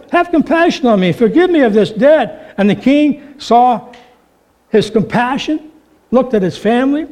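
A man preaching a sermon, telling stories with animated delivery and acting out the voices in them. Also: sits high. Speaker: pastor.

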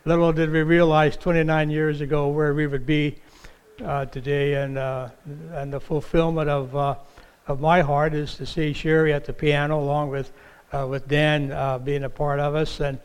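An older man preaching a sermon as pastor in a church, slow and halting, with many fillers. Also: on the high side, clean tone.

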